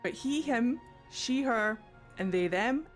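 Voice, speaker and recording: An earnest game character. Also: female voice, a little high, expressive, slow, faint music behind. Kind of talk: video game dialogue.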